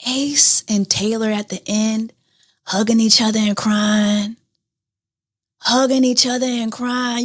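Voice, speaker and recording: Woman, reality TV recap host, casual review, dramatic, repeats phrases, a bit high-pitched. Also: steady tone, takes it slowly.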